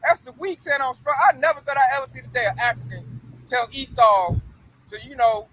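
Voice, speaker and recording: A man reading Bible verses aloud and commenting on them in casual slang, joking and doing quick voices. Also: extremely high pitch, fairly bright tone, a little hiss or hum, rough recording. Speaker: bible study teacher. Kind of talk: informal scripture study and commentary.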